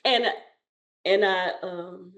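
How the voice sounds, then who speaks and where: Animated, rambling woman storyteller. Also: lowish voice, extremely slow, dull audio. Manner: animated, rambling, with restarts and laughs. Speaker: childcare center owner, guest. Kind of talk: casual storytelling interview.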